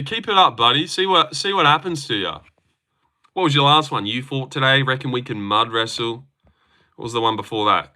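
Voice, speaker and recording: A young man with an Australian accent, chatting loosely and swearing as he hosts a livestream and reads out comments. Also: medium pitch. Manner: loose, excitable, swearing banter. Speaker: livestream host. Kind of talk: casual livestream chat reading comments.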